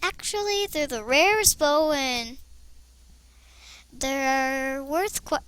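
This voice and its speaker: A young girl chatting to herself as she plays an online game, excitable and rambling. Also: sits high, slow pace, dry recording. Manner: chatty, excitable, talks to herself while playing. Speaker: gameplay vlogger. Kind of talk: casual commentary over online game play.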